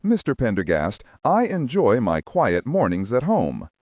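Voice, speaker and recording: A man's voice: mid-range voice, wildly swooping pitch, a little slow, a little mellow, no room sound, studio quality. A man narrating an audiobook, voicing a brusque, dismissive male museum lawyer.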